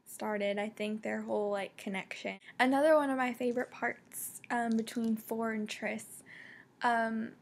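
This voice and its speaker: A young woman reviewing a book casually, excitable and full of fillers and restarts. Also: on the high side, a little slow, creaky. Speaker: book vlogger.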